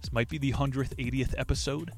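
A man's voice: medium pitch, fairly even intonation, quick pace, soft background music. A man hosting a book podcast, brash and crude, cracking corny jokes and swearing between passages he reads aloud. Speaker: podcast host reviewing books.

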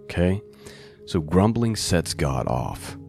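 A man's voice: low voice, big pitch swings, slow pace, a little mellow, soft background music. A man teaching a bible passage on a podcast in a conversational way, often checking in with the listener. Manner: conversational, asks the listener "right?" and "okay?".

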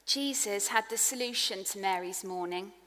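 A woman preaching a sermon in an earnest, personal way, growing hushed on tender points. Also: mid-range voice, normal speed. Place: church hall. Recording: long echo of a large hall.

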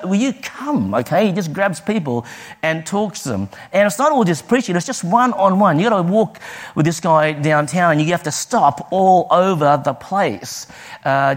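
A man preaching a sermon, telling personal stories with lively delivery and acting out the people he quotes. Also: fairly high pitch. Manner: lively storytelling, acts out quoted voices.

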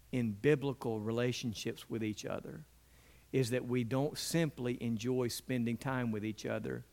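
A middle-aged male pastor preaching a sermon in an earnest way, sometimes voicing biblical characters with lively pitch and dropping low and quiet for emphasis. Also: vocal fry.

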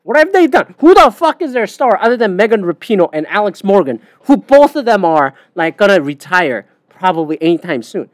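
A woman's voice: medium pitch, big pitch swings, brisk, hardly any pauses, no room sound, clean studio sound. A woman hosting a podcast, ranting bluntly and profanely in casual talk with many fillers. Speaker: podcast host. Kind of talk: casual opinion rant.

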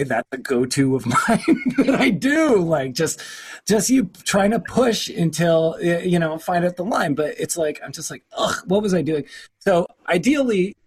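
A man's voice: high-pitched, breathy edge. A man in his forties, a podcast host, talking casually and rambling in a self-deprecating way, often laughing at himself, on a home studio mic. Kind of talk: casual conversation. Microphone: home studio mic with a makeshift sound booth.

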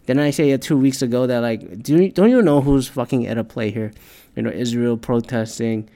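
A man's voice: medium pitch, a little fast, gravelly, dark tone. Male ranter, casual and profane, rambling with lots of restarts. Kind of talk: casual ranting monologue. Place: Detroit area.

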